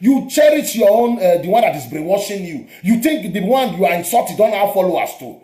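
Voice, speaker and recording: A Nigerian man with a high-pitched voice argues politics hotly, repeating himself and cutting in over his guest. His voice rings in a roomy, echoing space. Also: big pitch swings, brisk, hardly any pauses. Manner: forceful, interrupting, repetitive. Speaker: show host. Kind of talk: heated political debate. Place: abroad, home.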